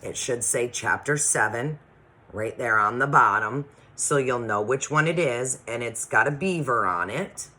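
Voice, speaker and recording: A female teacher reads a chapter book aloud to her class, then hands out assignments, staying patient and deliberate and checking in with the kids often. Her voice is very deep and sharp in tone.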